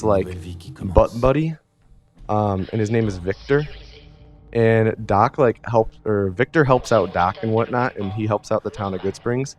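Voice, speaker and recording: A low-voiced man rambles through a comedic story from memory, piling on fillers and casual swearing. His delivery is loose and offhand. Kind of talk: rambling comedic recap of a video game from memory.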